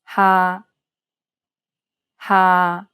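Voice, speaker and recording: A woman modeling single syllables for learners, speaking deliberately. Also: on the low side, completely flat delivery, fairly bright tone, clean tone, dry recording. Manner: deliberate, measured. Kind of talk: slow drilled syllables.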